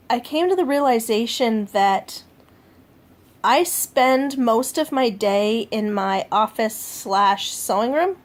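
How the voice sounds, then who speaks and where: A woman with a fairly high voice talks casually at home, logging her day's food for a vlog. She rambles along with fillers and self-corrections. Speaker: vlogger.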